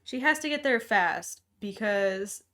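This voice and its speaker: A woman's voice: mid-range voice, lively intonation, measured pace, a bit bright. A woman with an ordinary mid-range voice talks casually about a film. She pokes at her co-host's claims with dry, skeptical jabs. The tone is easygoing podcast banter. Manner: teasing, skeptical interjections. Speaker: podcast co-host. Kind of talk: casual chat recapping a movie.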